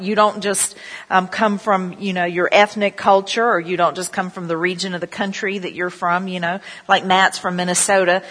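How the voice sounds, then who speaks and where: A woman's voice: medium pitch, a bit bright. Middle-aged lady pastor, chatty sermon with lots of little asides, long echo of a big church hall. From southern United States. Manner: chatty, storytelling, many "you know" asides. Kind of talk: sermon with prayer and personal stories.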